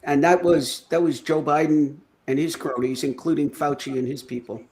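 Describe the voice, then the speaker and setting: A man's voice: fairly high pitch, steady tone, moderate pace, darkish tone. Matter-of-fact man co-hosting a chat. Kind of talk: casual political chat.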